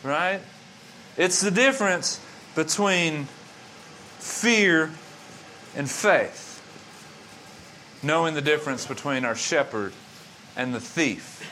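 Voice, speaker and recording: A man's voice: fairly high pitch, sharp tone, slight background noise. A male pastor delivering a sermon with an emphatic, repetitive preaching cadence. His voice sits a little above the usual male range. He builds his points through rhythmic repetition.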